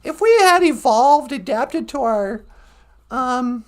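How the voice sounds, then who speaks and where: High-voiced rambling woman host. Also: expressive, slow pace, a little mellow. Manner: chatty and meandering, playful asides. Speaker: live-stream podcast host. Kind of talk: casual rambling chat.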